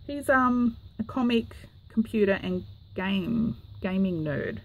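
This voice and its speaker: A woman's voice: mid-range voice, lively intonation, slow pace. An Australian woman hosting her craft channel, chatting casually to camera with lots of ums and little apologies. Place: home craft room.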